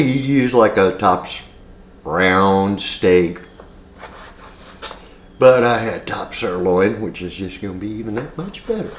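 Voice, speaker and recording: Low-voiced male cooking host, rambling and folksy, echoey kitchen with faint background noise. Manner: chatty, rambling with side stories and many fillers. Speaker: home cooking channel host. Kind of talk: casual cooking demonstration. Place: home kitchen.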